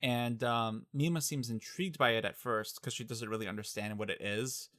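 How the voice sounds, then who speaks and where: A young man with a bright, forceful voice talks through a movie in casual podcast chat. He is animated and slips into quick impressions of characters. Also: medium pitch. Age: young adult. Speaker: podcast co-host.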